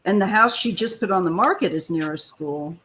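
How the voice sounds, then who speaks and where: A woman's voice: fairly low pitch, expressive, a little fast, fairly bright tone, a little hiss or hum, poor audio. A woman hosting a live tarot stream, chatting casually and giving emphatic advice. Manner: chatty, emphatic, complaining asides. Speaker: tarot reader host.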